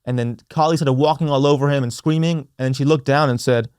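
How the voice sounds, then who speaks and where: A young man hosting a solo podcast, speaking earnestly with slow, emphatic, repetitive phrasing. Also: mid-range voice, steady tone, darkish tone, smooth, dry recording, studio quality. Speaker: podcast host. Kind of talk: reflective solo podcast talk.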